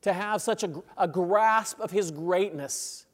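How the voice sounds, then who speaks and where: Male pastor, high voice, conversational sermon with tag questions, long hall reverb. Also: a little slow. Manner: conversational, checks in with "right?"; chuckles between phrases, grows intense.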